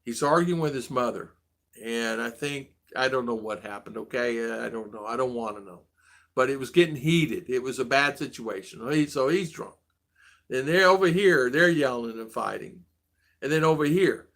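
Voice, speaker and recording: A man's voice: mid-range voice, moderate pace, a bit bright. A middle-aged man hosting a casual vlog stream, rambling and repeating himself as he answers viewers with blunt advice. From United States. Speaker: vlog host.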